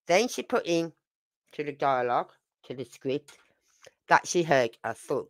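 A woman's voice: low voice, expressive, unhurried. An older woman, hosting a true crime channel and giving casual, emphatic commentary full of rhetorical questions.

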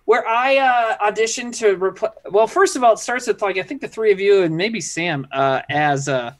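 A man's voice: sits high, moderate pace. A man co-hosting a casual comedy podcast, rambling through memories and laughing at himself. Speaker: comedy troupe member, podcast co-host. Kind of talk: casual chat.

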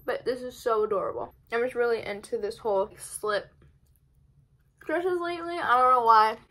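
A young woman chatting casually through a clothing try-on haul, bubbly and rambling, talking fast. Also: on the high side, pushed and bright, low-quality recording. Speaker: fashion vlogger.

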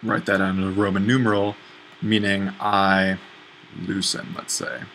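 A man's voice: deep voice, little pitch movement, unhurried, vocal fry, fairly bright tone, a little hiss or hum, rough recording. A man teaching a language lesson at a whiteboard, explaining patiently and correcting himself as he writes. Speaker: Greek instructor.

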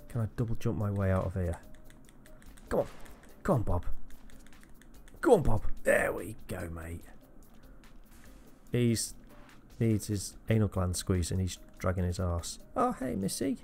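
A man giving crude, jokey let's-play commentary, swearing a lot and breaking into squeaky high outbursts. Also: measured pace, pauses often, darkish tone, faint music behind. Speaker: gamer.

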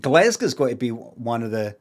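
A middle-aged man with a Glaswegian accent, chatting casually on a live stream, animated and emphatic and swearing freely. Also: medium pitch, moderate pace.

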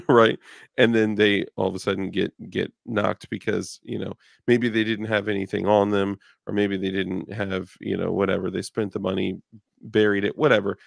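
A man's voice: on the low side, little pitch movement, moderate pace, vocal fry, dry recording, studio quality. A male podcast host in casual chat, rambling and joking about himself. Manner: rambling, self-deprecating, joking.

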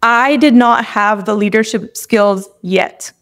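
Slow and a bit bright, her voice sits on the high side. She's a young podcast guest relating something personal, emotional and candid, sometimes tearful, with lots of "like."

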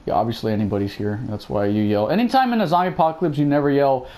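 Rapid-fire and a little mellow, this gameplay commentator's mid-range voice comes through a rough recording with a little hiss or hum. He keeps up a joking, sarcastic running commentary while casually playing a let's play.

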